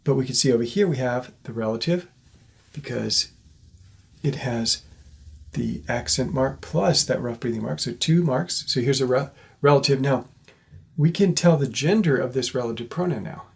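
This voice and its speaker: A man with a slightly husky voice teaches a recorded class. He talks patiently, explains each point step by step and keeps checking that his students are following. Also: mid-range voice, normal speed.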